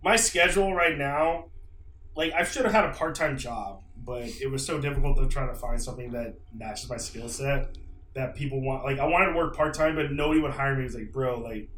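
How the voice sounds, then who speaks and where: A young man co-hosting a casual podcast, animated and swearing, laughing often. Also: medium pitch, a little fast. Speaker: podcast co-host. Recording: echoey room with faint noise.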